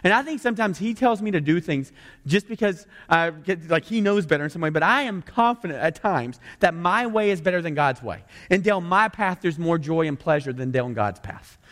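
A man's voice: on the high side, lively intonation, moderate pace, a bit bright. A male pastor preaching a sermon in a conversational way, often mimicking sarcastic voices to make his point. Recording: long hall reverb.

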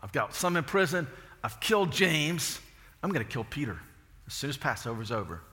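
A man's voice: on the high side, big pitch swings, moderate pace, pushed and bright, in a large hall. A man voicing a ruthless ancient king's scheming thoughts within a sermon. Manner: plotting inner monologue.

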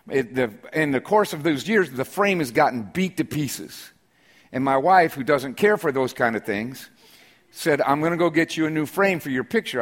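Pastor preaching with conversational humor. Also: male voice, on the high side, a bit bright. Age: middle-aged. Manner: conversational storytelling with humor, rising to emphatic declarations. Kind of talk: sermon. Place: church sanctuary during a service.

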